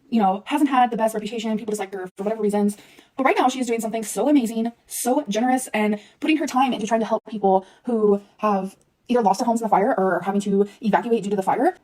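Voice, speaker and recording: A woman's voice: a little high, a little mellow, low-quality recording. A woman in her thirties, a vlogger delivering an angry, exasperated rant into her phone, swearing often. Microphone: phone held close.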